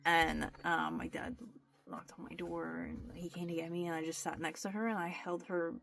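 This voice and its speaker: A woman's voice: fairly low pitch, level tone, normal speed, creaky, a bit bright, a little hiss or hum. A young woman in a candid, confessional vlog, talking straight to her camera with many restarts and fillers. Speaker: vlogger. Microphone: camera mic.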